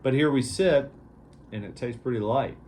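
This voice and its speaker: A man hosts a laid-back vlog reviewing beer, rambling easily and filling his talk with fillers. His voice is medium in pitch and moderately paced, slightly mellow, with a faint hiss or hum in the recording.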